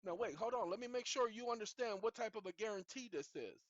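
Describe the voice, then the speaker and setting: An emphatic man lecturing his viewers like a preacher, repeating himself and urging them to say it with him. His pitch swings widely. The sound is dry and dull, like a lo-fi home recording. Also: lively intonation, fast, dry recording. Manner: repetitive, calls for the audience to repeat after him. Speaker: channel host. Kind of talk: instructional talk, preachy and emphatic.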